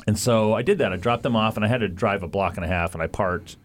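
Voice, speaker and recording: A man's voice: on the low side, fast talker. A man from the United States co-hosting a podcast, telling a rambling travel story with plenty of laughter and acted-out quotes. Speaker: podcast co-host. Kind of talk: casual chat, storytelling.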